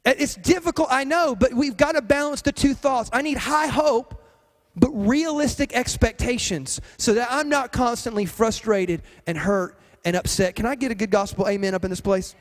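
A man with an unusually high voice delivers a sermon from the pulpit. He leans on repetition and emphatic phrasing. His words ring out into a long, echoing church hall. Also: normal speed. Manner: emphatic, repetitive preaching cadence. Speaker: pastor.

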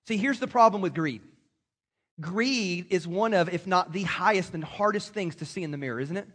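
A man preaching a sermon to a congregation, animated and acting out quoted voices. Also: high voice, moderate pace. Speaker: pastor.

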